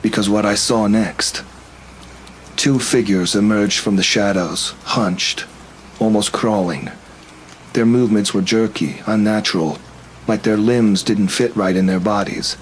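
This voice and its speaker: Speaking a little slowly, a man narrates a first-person horror tale in a steady, tense manner, his voice sitting fairly low. The audio is poor, and a faint hum sits underneath.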